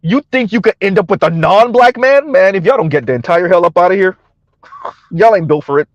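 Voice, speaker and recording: This commentary vlogger, a man with a high voice and lively intonation, delivers a combative, sarcastic opinion rant to his viewers at a slightly fast pace. He repeats his points and laughs between them. The recording is lo-fi with no room sound.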